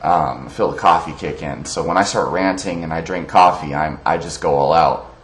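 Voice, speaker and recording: A man's voice: rumbling low, moderate pace. Heated, profane man ranting on camera. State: wired on coffee. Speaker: vlogger. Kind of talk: casual ranting monologue. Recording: roomy echo.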